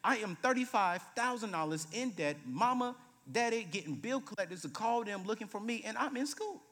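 Thirties male preacher, lively and comic, booming in a live sanctuary, slightly higher register. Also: brisk. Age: 30s. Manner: animated, humorous, swings from loud to hushed. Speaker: guest preacher. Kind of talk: sermon with storytelling. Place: church sanctuary. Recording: reverberant church hall.

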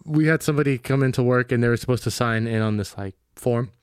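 A man's voice: medium pitch, fast talker, clean tone, dry recording, clean studio sound. A young man co-hosting a casual chat, telling stories with energy and acting out quotes, laughing along. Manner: animated storyteller, laughing, acts out quotes. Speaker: podcast co-host. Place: small room at a table.

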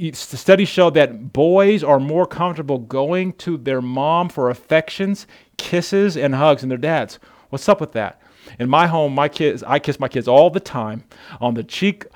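A man preaching a sermon as pastor, speaking straight to the listener, often repeating words and building to loud, passionate appeals. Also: a little high. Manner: speaks directly to the listener as brother.

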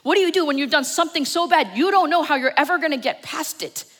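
A woman's voice: high-pitched, lively intonation, fast talker. New Jersey woman preaching in reverberant church. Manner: storytelling, dramatic swings in loudness. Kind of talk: sermon.

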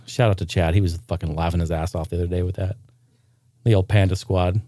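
A young man hosting a casual gaming news podcast, rambling and joking, sometimes breaking into loud shouted bits. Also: low voice, fairly even intonation, quick pace, dry recording. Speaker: podcast host.

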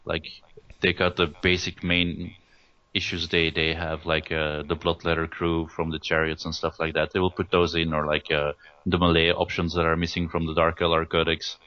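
Very deep, flat-voiced man, hesitant. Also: moderate pace. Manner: hesitant, many restarts and fillers. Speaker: guest, tournament rules writer. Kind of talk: casual interview over a call. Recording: dull lo-fi audio.

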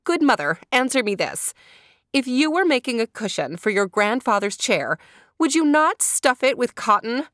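A woman reading a storybook, voicing a quarrelsome housewife in a higher, louder, insistent voice. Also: sing-song, fast talker, hardly any pauses, no room sound, clean studio sound.

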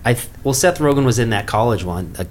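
A young man in casual chat, telling animated stories and acting out quotes, with some swearing. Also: medium pitch, quick pace, slight background noise.

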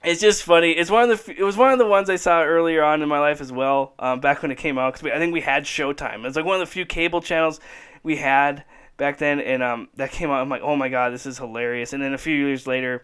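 A man's voice: a little high, steady tone, fast talker, a bit bright, clear, resonant tone. A man hosting a casual podcast chat, rambling enthusiastically and laughing often. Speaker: podcast host.

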